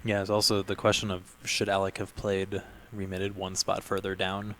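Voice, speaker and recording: A man's voice: low voice, completely flat delivery, moderate pace, a bit bright, slight background noise. A man giving laid-back, analytical live commentary on a board game tournament with a dry sense of humor.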